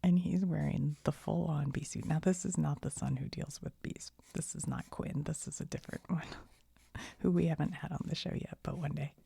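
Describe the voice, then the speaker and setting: A middle-aged woman telling a rambling everyday story in soft-spoken ASMR style, often sinking into a whisper and chuckling as she goes. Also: deep voice, steady tone, normal speed, creaky, breathy edge, dry recording. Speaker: ASMR channel host.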